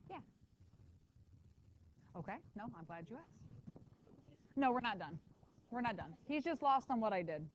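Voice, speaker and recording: A woman math teacher lecturing a classroom, lively and quick with asides to her students. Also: mid-range voice, lo-fi sound, slight background noise.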